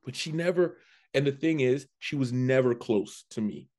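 A man, a comedian, telling a story in a casual chat, animated and prone to restarting his sentences. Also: medium pitch, moderate pace. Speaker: comedian guest.

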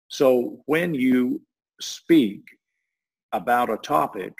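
A man's voice: fairly low pitch, darkish tone, breathy edge, low-quality recording. A man talking through an idea in a loose, rambling way, often restarting his sentences. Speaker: guest explaining a voice technology. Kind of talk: casual explanatory talk.

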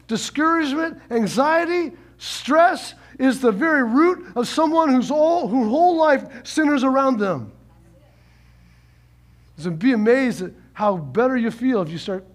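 This very high-voiced man delivers a sermon full of energy. Quiet, unhurried lines give way to shouts, and he repeats words for emphasis while acting out the quotes.

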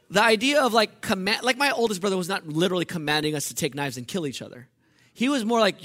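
A man preaching to his church in a high, bright voice. His delivery is animated and conversational, and he keeps putting questions to the congregation. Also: quick pace. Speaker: pastor. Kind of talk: sermon.

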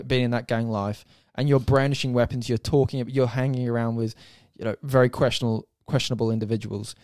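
A male podcast co-host rants with exasperation during a casual sports podcast chat, swearing as he goes. His voice is medium-pitched with a darkish tone, captured in studio quality with no echo.

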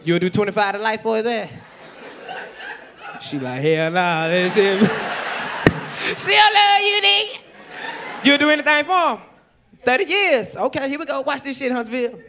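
A young man doing loud, profane crowd-work roast comedy on a comedy club stage. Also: extremely high pitch, big pitch swings, moderate pace, pauses often. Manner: loud, shouting, laughing, profane. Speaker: stand-up comedian. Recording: loud crowd and room noise.

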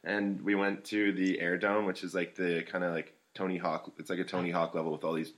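Man, very low voice, laid-back, self-mocking storyteller. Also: level tone, brisk. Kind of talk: casual storytelling chat.

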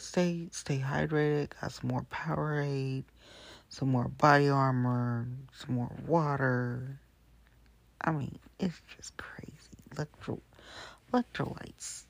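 A show host chatting casually and at length about the news, rambling and often dropping into hushed asides. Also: mid-range voice, creaky, no room sound. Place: Hamilton County area.

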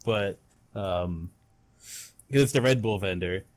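A young man tells a rambling work story in casual podcast chat, swearing freely. His voice sits a little low and sounds dry and close to the mic. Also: takes it slowly, no echo. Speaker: podcast co-host.

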